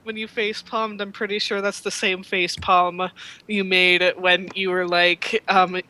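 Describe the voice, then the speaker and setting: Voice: mid-range voice, little pitch movement, unhurried, sharp tone, low-quality recording. A player in a tabletop game who chats casually and keeps breaking into laughter. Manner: giggly, chatty.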